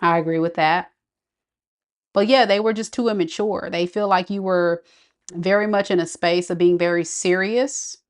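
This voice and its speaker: A woman's voice: lowish voice, fairly even intonation, moderate pace. A woman giving a live tarot reading, talking casually and reacting to viewer comments. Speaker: tarot reader.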